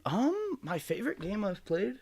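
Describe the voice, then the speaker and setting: A man streaming a video game who chats casually and jokes with his chat in an animated, rambling way. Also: sits high, moderate pace, breathy edge, soft background music.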